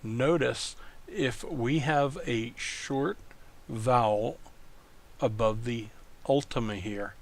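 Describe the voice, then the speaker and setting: Male lecturer, slow and deliberate, gravelly fry in the voice, walks through rules step by step. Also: mid-range voice. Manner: slow, explaining step by step with rhetorical checks. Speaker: Greek teacher. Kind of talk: recorded lecture.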